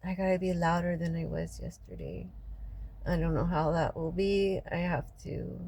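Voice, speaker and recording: A distraught woman rants in a raw, profane personal vlog, crying as she talks. Her voice sits a little low for a woman and often drops to a hushed, heavy murmur. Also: animated, moderate pace, gravelly, rough recording. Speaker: local resident venting after a city meeting. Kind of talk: emotional personal vlog rant.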